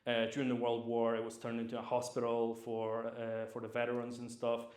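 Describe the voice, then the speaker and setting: A young Scottish man, born Polish, chats through his past in a loose and rambling way, full of fillers and restarts. His voice sits at a middling pitch. The room around him is echoey. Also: monotone, a little fast, a little mellow. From Scotland. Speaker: private chef, guest. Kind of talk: casual storytelling interview.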